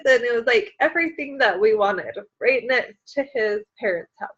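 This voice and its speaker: Woman in her thirties, motivational team call, chatty, emotional, fairly high voice, muffled lo-fi audio. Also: lively intonation, moderate pace, few pauses, fairly bright tone. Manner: emotional, tearful at times, chatty with many fillers. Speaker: team leader on a sales call.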